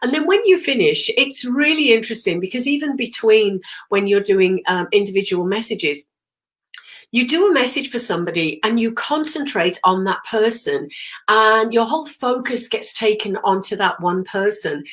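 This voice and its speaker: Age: middle-aged. Sex: woman. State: has a cold, clears her throat often. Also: mid-range voice, animated, moderate pace, a bit bright. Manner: chatty and rambling, many ums and throat-clearing. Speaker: spiritual medium hosting a live stream. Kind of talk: casual live-stream chat.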